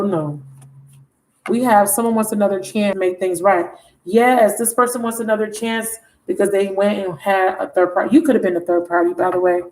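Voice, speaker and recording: Animated, chatty woman tarot reader. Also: on the high side, poor audio. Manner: animated, exclamatory, chatty, self-interrupting. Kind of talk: casual tarot reading.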